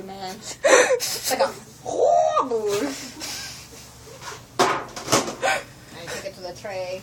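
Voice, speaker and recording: A woman's voice: fairly high pitch, lightly acted. A woman putting on a giggly foreign-accented persona. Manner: broken grammar with stray "to the", giggly. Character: excitable foreign-accented young woman in broken English. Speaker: roommate. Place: home room. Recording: noisy home video from a distance.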